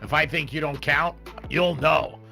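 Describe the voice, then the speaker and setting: A man's voice: fairly high pitch, a little slow, creaky, sharp tone, soft background music. A man hosting a sports radio show in casual, joking banter, laughing often on a studio microphone. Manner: joking, laughs often, talks about betting. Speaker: radio sports talk host.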